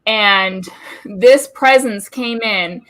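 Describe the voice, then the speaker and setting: A woman's voice: mid-range voice, very slow, a bit bright. A woman co-hosting a casual talk show from her home, telling a personal story candidly, with some swearing. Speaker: co-host of a witchcraft talk show. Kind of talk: casual chat. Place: home room.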